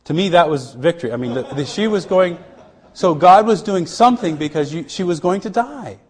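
His voice a little high, husky and animated, a middle-aged missionary shares a personal testimony. He speaks earnestly in fits and starts, with many restarts, and falls to a hush at the tender points.

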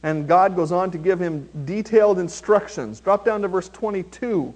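A man with a high voice preaches a sermon, reading scripture slowly and emphatically before speaking plainly to his congregation.

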